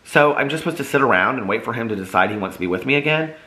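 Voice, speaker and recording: A man's voice: medium pitch, expressive, racing, bright, forceful tone. A man reading as a heartbroken young man. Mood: lost.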